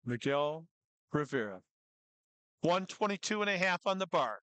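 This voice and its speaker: A meet commentator calling live weightlifting attempts, who cheers lifters on excitedly and drops jokey asides between lifts. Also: medium pitch, normal speed, no room sound, rough recording.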